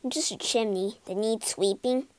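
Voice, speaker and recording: A woman voicing a gloomy male TV ghost hunter in a low, deadpan way. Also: takes it slowly, no room sound, exaggerated voice. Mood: glum.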